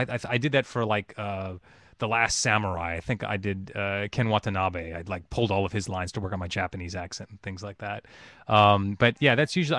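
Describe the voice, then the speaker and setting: A man with a fairly low voice answers fan questions over a webcam video chat. He talks in a relaxed, thoughtful way, filling pauses with ums and uhs. The sound is dry, with no room echo. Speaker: voice actor answering fan calls. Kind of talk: casual chat.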